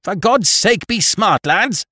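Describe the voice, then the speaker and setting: A man's voice: high voice, lively intonation, takes it slowly, sharp tone, husky, no echo, clean studio sound, voice pushed up, exaggerated voice. A man playing a thick-set ship's captain who roars orders at his crew in a frantic, bellowing voice. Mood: roaring.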